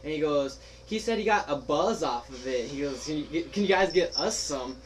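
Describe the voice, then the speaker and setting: A man's voice: a little high, normal speed, a little hiss or hum, low-quality recording. Young man telling a story between laughs. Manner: animated, laughing, acts out quoted friends. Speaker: podcast host telling a story. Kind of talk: casual storytelling chat.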